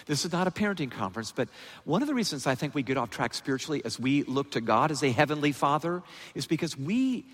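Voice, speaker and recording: A man giving a sermon as a guest preacher, in a lively, animated preaching style with a husky voice. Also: fast talker. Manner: lively, animated preaching with big pitch swings. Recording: reverberant hall sound.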